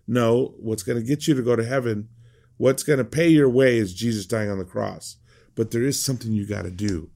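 A man's voice: mid-range voice, gravelly, darkish tone. A man preaching a conversational sermon as a pastor, emphatic and prone to repeating words.

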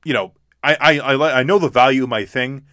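A young man co-hosting a podcast, talking casually and haltingly with many repeats and restarts. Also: medium pitch, a bit bright, dry recording, clean studio sound. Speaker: podcast co-host.

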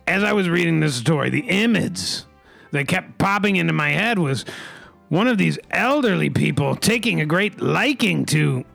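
Gravelly deadpan man hosting a comedy podcast. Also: on the high side, no room sound. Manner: mock-formal, deadpan delivery with crude asides. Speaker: host reading news items.

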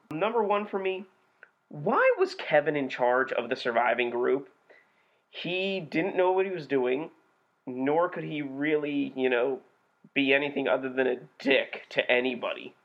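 A young man co-hosting a podcast, chatting casually with an animated, profane delivery. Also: mid-range voice. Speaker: podcast co-host reviewing B movies. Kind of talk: casual chat. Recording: dull lo-fi podcast recording.

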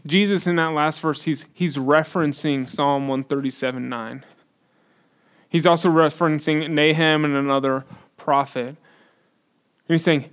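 Man, pastor, sermon, conversational, slightly high-pitched, emphatic peaks. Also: normal speed.

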